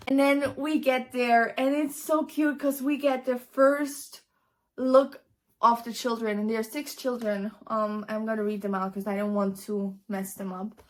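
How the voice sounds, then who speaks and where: A woman chats animatedly as she sums up a book for her vlog. Her voice sits slightly high, and her casual, filler-laden talk keeps bubbling along. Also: unhurried. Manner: chatty, animated, many fillers. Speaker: book vlogger.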